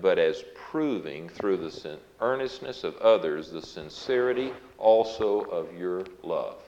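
A very low-voiced man preaches a Bible sermon, explaining each verse earnestly and leaning hard on the scripture he reads out. The recording is dull and lo-fi, with a roomy echo around him. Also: expressive, unhurried, hardly any pauses, a little mellow, a little hiss or hum.

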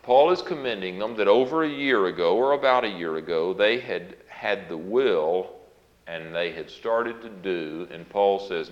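A very low-voiced man preaches a Bible sermon, explaining each verse earnestly and leaning hard on the scripture he reads out. The recording is dull and lo-fi, with a roomy echo around him. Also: lively intonation, measured pace.

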